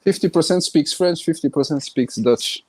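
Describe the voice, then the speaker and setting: A man's voice: fairly high pitch, normal speed, no room sound. A man, defending himself with exasperation and casual swearing in banter on a live stream.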